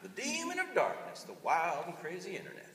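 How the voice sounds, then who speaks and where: A man's voice: sits high, wildly swooping pitch, brisk, fairly bright tone, a little hiss or hum, pitched above the performer's own voice, exaggerated voice. A man putting on a Texas accent to voice a fretful old-time naysayer who preaches against new things. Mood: alarmed. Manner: alarmed, preachy. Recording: echoey hall, voice from far off.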